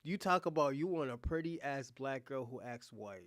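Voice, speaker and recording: A man's voice: medium pitch, animated, normal speed, a bit bright, dry recording, clean studio sound. A man streaming his reaction to a talk show, laughing often and talking bluntly and crudely. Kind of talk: casual reaction commentary.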